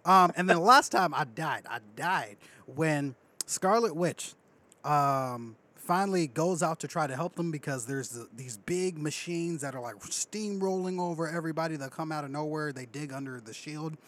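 A man co-hosting a casual chat, animated, acting out movie lines. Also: fairly high pitch, moderate pace. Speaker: podcast co-host.

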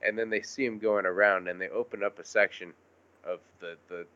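A man's voice: lowish voice, steady tone, clean tone, muffled recording. A man in a casual podcast chat, cursing freely and restarting sentences. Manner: swears freely, halting with restarts. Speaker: podcast co-host.

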